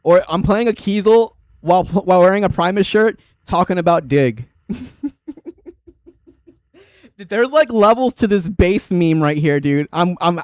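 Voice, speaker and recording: A man in his thirties hosts a casual livestream, talking in a loose, rambling way full of fillers and quick laughs. His voice sits a bit higher than most men's. The sound is close and dry, with no room around it. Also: dry recording. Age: 30s. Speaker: livestream host and bass player.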